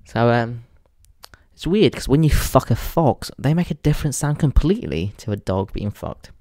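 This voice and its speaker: A man's voice: medium pitch, lively intonation, normal speed, a little mellow, no echo, studio quality. A young English man hosting a podcast, talking in a crude, rambling comic monologue and laughing at his own jokes. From England. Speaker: podcast host. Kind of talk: casual comedic monologue.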